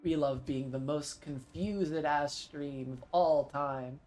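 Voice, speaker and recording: A man's voice: a little high, steady tone, slow pace, a little mellow, soft background music. A man streaming a visual novel, thinking aloud and swearing freely while he reads the text aloud. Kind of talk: casual let's-play commentary and reading aloud.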